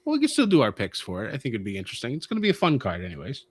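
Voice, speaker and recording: A man with a mid-range voice recorded close and dry, co-hosting a relaxed wrestling chat. He walks through titles and matchups in a knowing, easy way. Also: mid-range voice, rapid-fire, dry recording. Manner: knowledgeable, explains matches and titles. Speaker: podcast co-host. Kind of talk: casual wrestling chat on a live stream.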